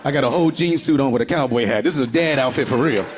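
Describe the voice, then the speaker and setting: A man in his forties doing stand-up in a loud, rowdy, freely swearing manner. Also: medium pitch, rapid-fire, over music. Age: 40s. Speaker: stand-up comedian. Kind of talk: stand-up routine.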